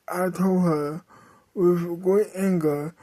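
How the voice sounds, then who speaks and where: A woman's voice: on the low side, steady tone, slow, warm tone. A woman telling a comedic story in a dramatic way, correcting herself often and breaking into sudden outbursts.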